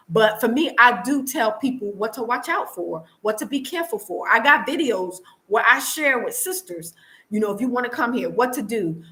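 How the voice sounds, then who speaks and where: A woman's voice: fairly high pitch, a bit bright, poor audio. A woman from the United States, chatting earnestly on a live stream from her home and answering viewers, with many restarts and repeats. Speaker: vlogger answering live chat. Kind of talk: casual live-stream chat. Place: home in Tanzania.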